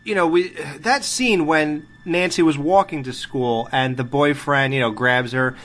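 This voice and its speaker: A man walks through film scenes on a relaxed podcast, joking as he goes. His voice is bright and edged, pitched a bit high. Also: unhurried. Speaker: podcast host. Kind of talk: casual movie review chat.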